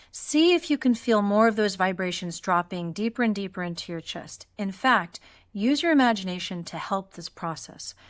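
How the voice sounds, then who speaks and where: Leading her class through a guided vocal exercise, a woman voice teacher stays calm and encouraging. She models every step with yawns and sighs, guiding the listener, in a voice of ordinary middle pitch for a woman.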